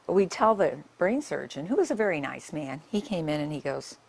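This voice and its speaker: A woman's voice: low-pitched, big pitch swings, brisk, creaky, darkish tone, slightly rough. An older woman, a nurse, giving a public talk and telling her stories in a conversational way with many asides.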